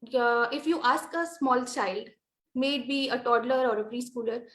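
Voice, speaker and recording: High-voiced woman lecturing in an echoey room. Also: a bit bright. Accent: Indian English. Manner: measured, explanatory with frequent fillers. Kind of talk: lecture on presentation skills.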